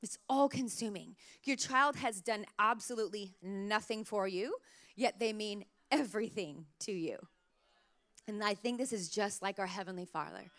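A woman pastor in her thirties preaches a sermon to mothers, warmly sharing personal stories in a chatty style full of "like" fillers. Her voice is medium in pitch and her pace moderate.

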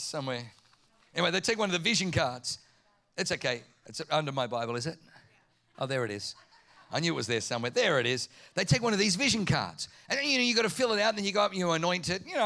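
A man from Germany preaching a sermon as pastor, telling stories and acting out the voices of the people in them. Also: high-pitched. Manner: animated storytelling, acting out quoted voices.

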